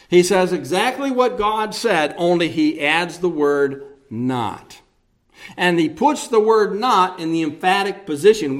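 A man preaching a verse-by-verse sermon, explaining the text slowly with emphatic repetition and rhetorical questions. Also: fairly high pitch. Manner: slow, deliberate teaching with emphatic repetition. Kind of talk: expository sermon.

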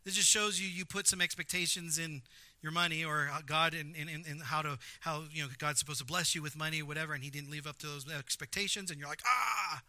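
A man preaching a sermon, animated and acting out quotes with big swings in volume. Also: a little high, fast, no echo. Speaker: pastor.

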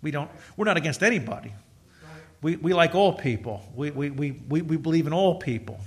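Middle-aged guy pastor preaching, kinda high voice, chatty and jokey, does little voices for his stories. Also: animated, brisk. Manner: conversational, jokey storytelling with quoted voices. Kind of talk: sermon.

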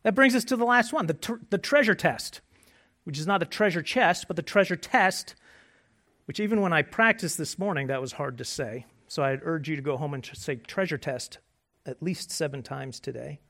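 A man preaching a sermon as pastor, conversational and joking, moving between quiet asides and loud emphasis. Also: fairly high pitch, animated, moderate pace. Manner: conversational and self-deprecating humor.

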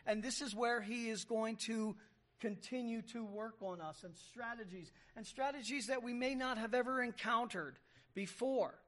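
A man's voice: very high-pitched, normal speed, fairly bright tone. A man preaching a sermon, explaining Greek words as he reads and stressing key words. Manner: emphatic, explains Greek word by word. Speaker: pastor.

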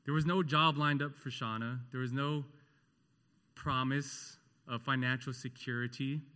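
Slow, earnest preacher man in echoey hall. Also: mid-range voice, fairly even intonation. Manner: impassioned, swinging from loud rhetorical questions to hushed tenderness. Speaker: pastor. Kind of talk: sermon.

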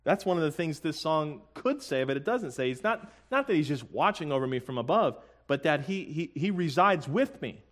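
A man preaching a sermon in an earnest, conversational way, with joking asides and slowly sung hymn lines. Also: a little high, lively intonation, a bit bright. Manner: sings hymn lyrics slowly. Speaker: pastor.

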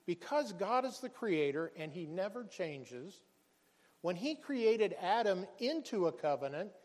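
A man with a high voice preaches a sermon in an earnest way, calling his hearers brethren and children. He often stumbles over and repeats words, and his voice rings with the long reverb of a hall. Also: darkish tone. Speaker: pastor.

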